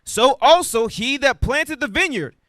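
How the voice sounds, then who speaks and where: A man in a Bible class reads scripture aloud in steady, measured verses. His voice is high and bright, and the recording is dry with little room sound. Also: dry recording. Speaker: class member reading scripture.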